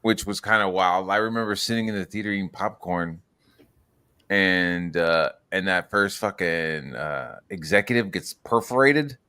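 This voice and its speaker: Profane rambling man, low voice. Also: moderate pace, clear, resonant tone. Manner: profane, rambling storyteller with loud excited outbursts. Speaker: podcast co-host. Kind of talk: crude casual chat.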